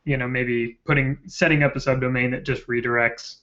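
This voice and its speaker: A man's voice: medium pitch, fairly even intonation, fairly quick, a bit bright, slight background noise. A man hosting a casual live-stream chat, eager and rambling, often trailing off mid-thought. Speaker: host of a political web show. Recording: dull lo-fi live-stream audio.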